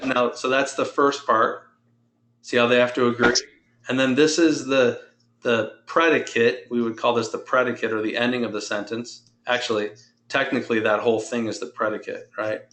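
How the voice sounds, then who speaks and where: Male Spanish teacher, patient, explains step by step, mid-pitched, roomy echo. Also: fairly bright tone. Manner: patient, explains slowly and drills pronunciation. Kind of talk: online language lesson.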